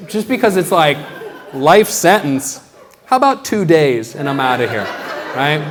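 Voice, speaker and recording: A young man from Washington, D.C., doing a stand-up comedy set in a gallery venue, with a deadpan, halting delivery and acted-out quotes. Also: on the high side, some chatter behind. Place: art gallery venue with live audience.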